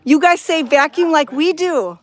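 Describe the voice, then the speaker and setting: A woman's voice: high voice, moderate pace. A woman vlogging on a phone camera outdoors at a cat sanctuary, chatting in a bubbly, enthusiastic way. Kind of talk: casual walking vlog. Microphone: handheld phone camera.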